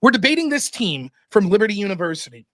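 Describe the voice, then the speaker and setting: A man in casual podcast chat, telling stories in an animated, profane way into a close mic. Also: sits high, quick pace. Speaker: podcast host and debater.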